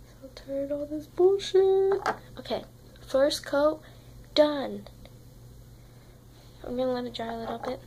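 A woman's voice: high-pitched, measured pace, pauses often, warm tone, slight background noise, low-quality recording. A young woman vlogging in a rambling, casual chat to camera, swearing constantly and sounding tired. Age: young adult.

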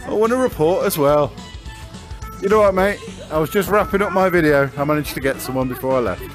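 A man's voice: a little high, a little fast, faint music behind. Cheery British man in game chat. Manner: cheery, upbeat, says mate. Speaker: moderator and video maker. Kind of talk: casual game chat over voice.

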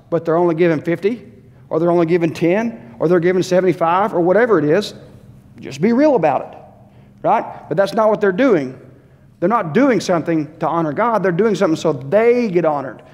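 A man's voice: on the high side, a little mellow. A man preaching a sermon as pastor, conversational and questioning the congregation directly. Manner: conversational, asks the church questions, voices short quotes. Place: church sanctuary. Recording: long hall reverb.

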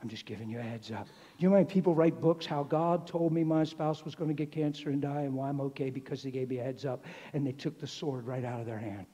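Middle-aged male preacher, dark husky voice, goes from hushed to loud, big hall reverb. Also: medium pitch, fast talker, hardly any pauses. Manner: swings from hushed near-whisper to loud exclaiming. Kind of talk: sermon. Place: church hall.

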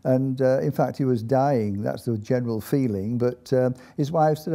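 An older male storyteller with a deep, mellow, very dark tone. He spins his anecdotes slowly, pausing and hesitating often, and speaks at an ordinary pitch for a man. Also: gravelly. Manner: unhurried, halting with many fillers. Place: country inn.

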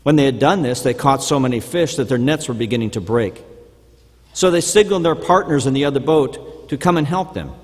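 A man giving a measured, formal reading of scripture during a church service. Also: medium pitch. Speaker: scripture reader. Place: church sanctuary. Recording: church hall reverb.

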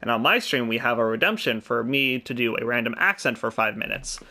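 Excitable young man commenting on gameplay. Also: medium pitch, fairly quick. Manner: excitable, jokey, swears freely. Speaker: gaming channel host. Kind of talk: casual let's-play commentary.

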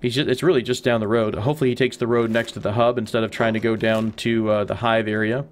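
A man's voice: lowish voice, steady tone, quick pace, slight background noise. A man hosting a let's play, giving casual gameplay commentary, chatty and rambling as he thinks aloud.

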